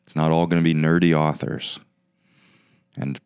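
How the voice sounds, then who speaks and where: Male podcast host, low smooth voice, sarcastic mock-arrogant banter, casual comic monologue. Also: level tone, moderate pace, darkish tone, no echo, studio quality.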